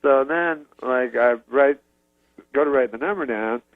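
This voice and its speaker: A man from Canada, a comedian appearing as a talk show guest, telling a long anecdote in a halting, deadpan way. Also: mid-range voice, no room sound, narrow, tinny audio. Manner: halting, deadpan, full of fillers and restarts. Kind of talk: casual rambling anecdote.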